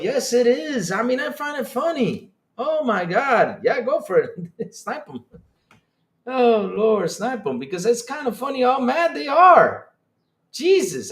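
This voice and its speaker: A man hosting a live stream, reading chat aloud and reacting with excitable disbelief and frequent laughter. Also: high-pitched. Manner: excitable, incredulous, laughing, rapid swings in loudness.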